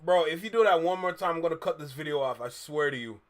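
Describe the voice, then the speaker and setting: A man's voice: on the high side, fast, very noisy. A man co-hosting a reaction stream, laid-back, chiming in with short remarks. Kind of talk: casual reaction chat.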